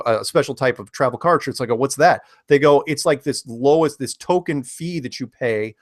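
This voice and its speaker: A man's voice: medium pitch, dry recording. Man telling a rambling story, dry sound. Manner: rambling storyteller, repeats words. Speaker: guest. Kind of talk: casual chat.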